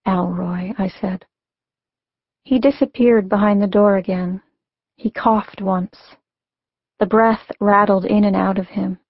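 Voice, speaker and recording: Woman reading her memoir out loud, calm and reflective, dry booth sound kinda dull and lo-fi. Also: mid-range voice, unhurried, pauses often, no room sound. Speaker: author narrating her memoir. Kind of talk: scripted audiobook narration. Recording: dry, dull lo-fi audiobook recording.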